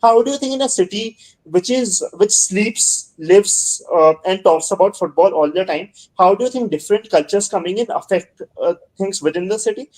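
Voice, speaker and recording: A man hosting a podcast, chatty and easygoing, laughing easily and pausing often on "uh". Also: high-pitched, animated, darkish tone, low-quality recording. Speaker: podcast host. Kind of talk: casual podcast chat.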